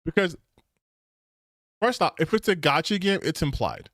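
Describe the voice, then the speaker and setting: A man's voice: fairly high pitch, sing-song, moderate pace, fairly bright tone, dry recording, studio quality. A man streaming casual reaction commentary, sarcastic and incredulous, repeating his points for emphasis.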